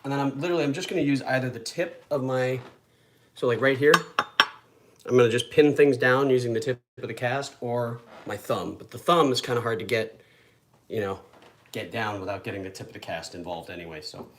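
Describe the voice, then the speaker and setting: A man's voice: medium pitch, fairly quick. A young man chatting casually while cooking one-handed at home, rambling and poking fun at himself. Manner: rambling, self-deprecating, chatty. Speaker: home cook vlogger. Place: home kitchen. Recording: echoey kitchen with loud background noise.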